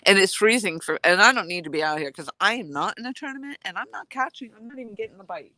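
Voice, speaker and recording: A woman's voice: mid-range voice, lively intonation, fast, pushed and bright, no echo. A woman live-streaming from a cold outdoor dock on her phone, sniffly from the cold and chatting in a rambling way while greeting viewers. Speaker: live-streaming fishing vlogger. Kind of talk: casual live-stream chat. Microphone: phone held at arm's length.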